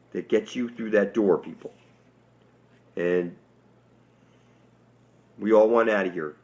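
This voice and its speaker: Gravelly-voiced man ranting intensely. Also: fairly low pitch. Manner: intense, preachy, profane, addresses viewers as "people". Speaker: online conspiracy speaker. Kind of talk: rambling monologue to camera.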